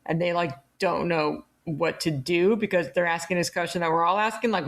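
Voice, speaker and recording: A woman's voice: on the low side, fairly even intonation, normal speed, few pauses. A woman podcast host reviewing a sketch in a rambling, casual way full of "like" and "uh". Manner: rambling, filler-heavy.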